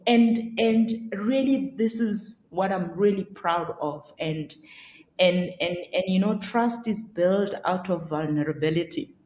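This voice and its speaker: A woman business coach answering an interviewer over a video call, halting and repeating words as she reflects. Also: on the low side, a little mellow, slight background noise. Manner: halting, repeats words while gathering thoughts. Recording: roomy echo on a call.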